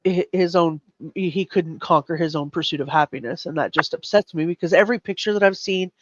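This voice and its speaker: A man hosts a live true crime chat in a slightly high voice. He is earnest and openly upset, tripping over his words as he goes. The sound is dull and dry. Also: brisk, fairly bright tone, no echo. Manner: earnest, emotionally shaken, stumbling over words. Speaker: host.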